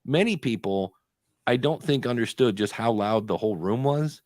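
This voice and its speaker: A man co-hosting a podcast live stream, telling stories in a chatty way and often pausing to hunt for the next word. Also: medium pitch, expressive, darkish tone, no room sound, clean studio sound. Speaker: podcast co-host. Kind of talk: casual chat on a live stream.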